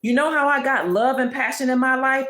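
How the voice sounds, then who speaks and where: A woman's voice: sits high, a little fast, fairly bright tone. A woman hosting her own channel, giving an emphatic spiritual monologue full of repeated declarations. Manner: emphatic, declarative, preachy repetition. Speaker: channel host. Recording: roomy echo.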